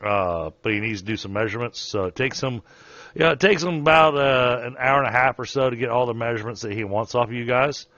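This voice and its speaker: A man narrating as game master of a tabletop game, halting and full of fillers, over a dull online call. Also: mid-range voice, fairly bright tone, no room sound.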